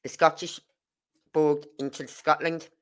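A woman's voice: low voice, a little slow. A woman, chatting casually on a livestream and acting out the dialogue in her stories. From Birmingham, England. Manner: animated storyteller acting out dialogue. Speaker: livestream host. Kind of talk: casual live chat.

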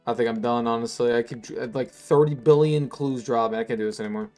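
A man giving casual, excitable gameplay commentary as a video host, full of slang and frequent swearing. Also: medium pitch, fast. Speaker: gaming YouTuber. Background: faint background music.

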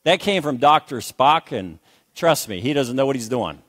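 A man's voice: medium pitch, lively intonation, moderate pace, fairly bright tone. An older man preaching a sermon as pastor, emphatic, repeating phrases and calling for amens.

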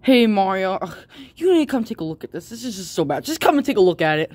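A woman's voice: medium pitch, very animated, fast talker, a little mellow, no echo. A woman voicing a nagging, bossy male landlord in a homemade plush toy skit. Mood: annoyed.

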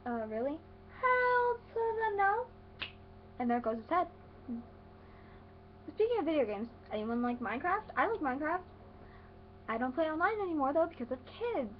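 A woman's voice: high voice, muffled recording, slight background noise. A teenage girl vlogging in a sarcastic, rambling way, talking into a webcam. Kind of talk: casual vlog rant.

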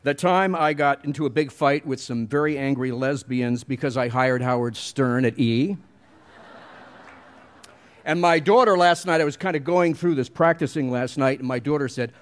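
A man's voice: mid-range voice, moderate pace. A middle-aged man giving a commencement speech, telling wry, self-deprecating stories at a podium mic. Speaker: commencement speaker.

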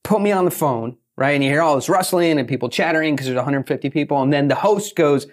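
Animated man telling stories as a guest. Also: fairly high pitch, fast, hardly any pauses. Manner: animated, acts out quotes. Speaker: guest, pitching author. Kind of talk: storytelling interview talk.

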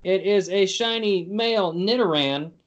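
A young man co-hosts a casual podcast, jumping from one joke to the next as he rambles along. His voice sits on the higher side for a man. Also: measured pace, muffled recording. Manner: playful, jokey, rambling. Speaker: podcast co-host. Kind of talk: casual chat.

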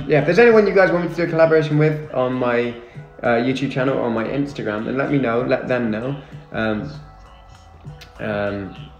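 A man's voice: mid-range voice, darkish tone, highs cut off. A young man chatting casually on a live stream, thanking viewers and answering their comments. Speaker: livestreamer. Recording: echoey room with music behind.

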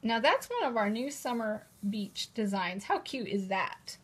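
A chatty woman hosts a casual live-stream showcase from her table, gushing over each item. Her voice sits a little high, and she speaks toward a camera propped in a holder. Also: big pitch swings, unhurried, slight background noise. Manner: gushing, chatty, repeats "how cute is that". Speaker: host presenting new planners. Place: indoors at a table at home.

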